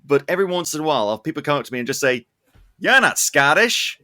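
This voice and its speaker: A man's voice: a little high, animated, very fast. A man hosting a podcast, chatting casually, laughing often and telling stories. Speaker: podcast host. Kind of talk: casual chat.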